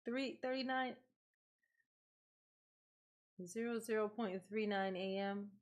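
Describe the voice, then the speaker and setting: A woman's voice: mid-range voice, moderate pace. A woman hosting a livestream, greeting viewers by name in casual, playful chat and laughing often. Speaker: livestream host.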